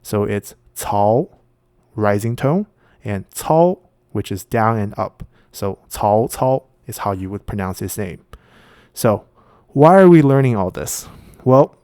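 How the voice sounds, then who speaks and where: A man's voice: mid-range voice, darkish tone, no room sound, studio quality. A man hosting an explanatory video lesson, explaining patiently and step by step with frequent filler sounds. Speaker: video essay host.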